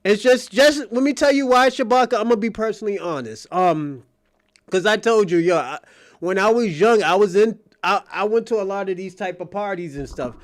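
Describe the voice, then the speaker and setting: A man's voice: high voice, fairly quick, no room sound, studio quality. A man hosting a live stream, telling crude stories in casual talk and laughing often.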